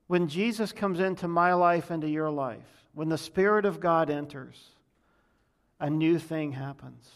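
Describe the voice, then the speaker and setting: A male pastor delivering a sermon. His voice sits a little high for a man, and he drives his points home through repetition, now and then restarting a phrase. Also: unhurried. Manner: emphatic preaching with repetition.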